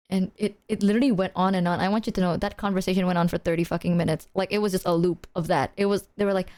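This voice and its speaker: A woman streamer telling a story to her chat in a casual, animated way, swearing freely. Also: mid-range voice, fast, few pauses.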